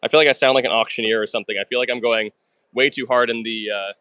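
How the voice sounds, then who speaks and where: A man hosting a live puzzle stream, rattling off his thinking at speed and breaking into excited exclamations. His voice sits at a middling pitch, and the sound is close and dry with no room around it. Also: clean tone, dry recording. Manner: fast and chatty, talks through his moves. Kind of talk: live stream chat while solving puzzles.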